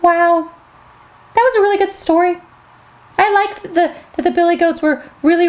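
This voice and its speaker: A woman hosting a children's story time, reading a storybook aloud and talking gently to the kids watching. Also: high voice. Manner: gentle, animated, talks to kids directly.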